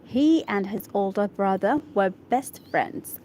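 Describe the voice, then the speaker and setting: A woman's voice: medium pitch, a little slow, warm tone, a little hiss or hum. A woman whose first language is Arabic reads an English article aloud for practice, stopping to sound out and repeat hard words and to check her pronunciation. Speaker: English learner reading aloud.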